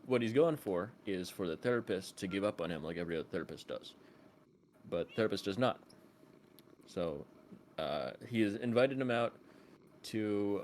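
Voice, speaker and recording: A man's voice: fairly low pitch, slight background noise. A man streamer chatting casually, rambling with lots of fillers. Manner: rambling, filler-heavy, bursts into loud shouts. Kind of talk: casual chat.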